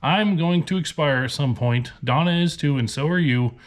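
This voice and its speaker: Inside a storage unit, a reseller vlogger from Nebraska lets off steam to the camera in a weary, rambling, frustrated rant. He speaks at a moderate pace in a fairly high voice.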